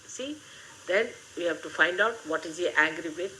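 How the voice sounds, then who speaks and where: An older woman, giving a gently humorous, motherly spiritual talk to her followers. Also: on the low side, expressive, moderate pace, rough recording. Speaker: spiritual teacher.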